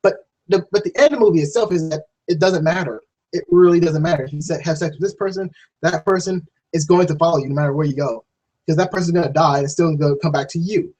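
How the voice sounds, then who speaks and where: Husky guy rambling about a movie, swears a lot, keeps restarting, goes squeaky high when he acts out scenes. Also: fast, poor audio. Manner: jumps to high excited voice when acting out scenes. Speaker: film reviewer. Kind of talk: casual spoken film review.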